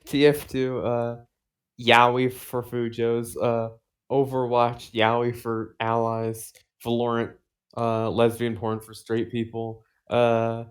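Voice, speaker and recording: A man's voice: medium pitch, monotone, slow. A man co-hosting a casual podcast, rambling with lots of fillers and swearing, laughing often. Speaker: podcast co-host.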